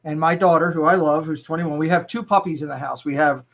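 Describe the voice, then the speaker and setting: A middle-aged man chats easily on a livestream, telling stories with a chuckle. His voice sits quite high for a man. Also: fairly even intonation, fast, gravelly, fairly bright tone. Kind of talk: casual chat.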